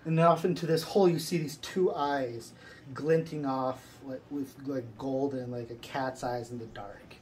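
This rough recording, with slight background noise, has a man casually walking a listener through an imagined scene in a loose, filler-heavy ramble. His medium-pitched voice is a little mellow, with fairly even intonation at a normal speed.

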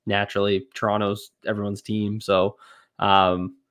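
A man with a Canadian accent, a guest analyst in casual sports chat, relaxed and hedging with many fillers. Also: lowish voice, a little slow, smooth.

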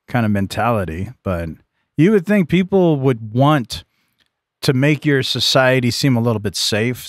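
Podcast co-host, man, mid-pitched, rambling explainer with jokes, dead dry room. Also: dry recording. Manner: explains at length, joking asides. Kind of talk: casual podcast chat.

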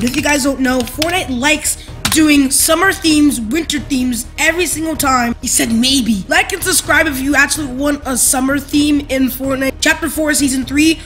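A woman gaming YouTuber in an excited unboxing vlog, exclaiming and talking straight to her viewers. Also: sits high, unhurried, few pauses, music in the background.

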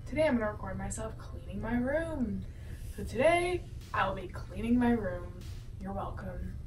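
A woman's voice: medium pitch, animated, moderate pace, background noise. A woman vlogging while she cleans her messy bedroom, joking and talking to her belongings in goofy running commentary, recorded by a camera set across the room. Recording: echoey room, far from mic, music behind.

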